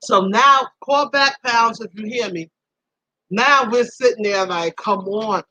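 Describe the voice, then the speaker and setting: A woman hosting a live stream tells a story to her viewers in a lively, casual way. She laughs often, and her voice jumps up high at the embarrassing parts. Her tone is bright and forceful, and the recording is close and dry. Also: measured pace, no room sound, poor audio. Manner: animated, laughing, swoops high when embarrassed.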